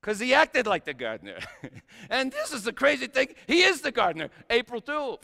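Very high voiced man preaching a funny story monologue, wry, long hall echo. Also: huge pitch swings, moderate pace, vocal fry. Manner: wry storytelling, shifts from quiet to loud. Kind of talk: comic first-person sermon monologue.

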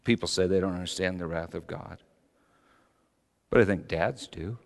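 A middle-aged man preaching a sermon as pastor, animated, swinging from soft asides to shouting. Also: sits low, normal speed, vocal fry. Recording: long hall reverb.

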